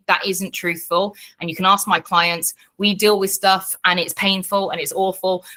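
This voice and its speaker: A woman coaching a live online workshop in a casual, frank way, swearing freely and explaining things with lots of fillers. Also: on the low side. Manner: animated teaching with fillers.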